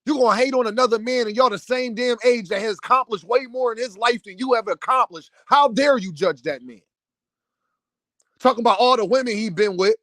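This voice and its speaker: A man's voice: very high-pitched, fairly quick, a bit bright, no echo. A man delivering an impassioned commentary rant, firing off repeated rhetorical questions in a preachy, heated way. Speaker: commentary host.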